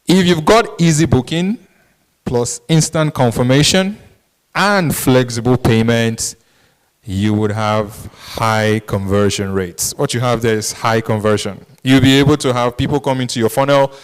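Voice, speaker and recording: Man giving a smooth business talk. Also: mid-range voice, a little slow, low-quality recording. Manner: explanatory, frequent "um" and "right?" tags. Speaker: e-commerce speaker at business masterclass. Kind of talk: conference presentation.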